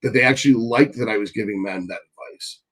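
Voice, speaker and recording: A man's voice: lowish voice, quick pace, a bit bright, low-quality recording. Blunt, profane man hosting a live Q&A. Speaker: host answering live chat questions. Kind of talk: live stream Q&A, casual chat.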